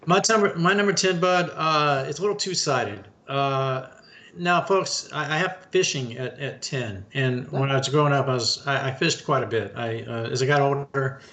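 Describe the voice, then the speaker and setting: A man's voice: medium pitch, normal speed, a bit bright. A middle-aged man co-hosting a casual talk show, telling a long story in a folksy way and calling listeners folks and bud. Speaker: podcast co-host.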